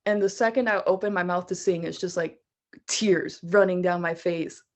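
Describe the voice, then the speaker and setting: A woman's voice: on the low side, fairly even intonation, moderate pace. A young woman, a choir singer, telling a personal story in a casual chatty way with lots of "like" fillers. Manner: chatty, laughs often, fillers like "like". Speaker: guest, choir vocalist.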